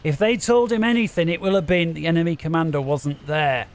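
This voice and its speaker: A high-pitched man calling a long strategy game match at his desk microphone. He talks quickly and grows more animated as the action heats up, urging the players on. A faint hiss sits under the recording. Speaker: game commentator. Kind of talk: excited strategy game commentary.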